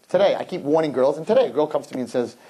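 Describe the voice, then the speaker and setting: A man as a rabbi giving a lively sermon to young women, emphatic, with joking asides and words he repeats as he starts a point. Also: on the high side, a little hiss or hum.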